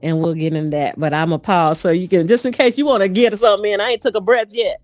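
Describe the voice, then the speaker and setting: A woman guest, a voice coach and performer, speaking in an animated, fast storytelling manner in a casual interview. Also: mid-range voice, dry recording, faint music behind.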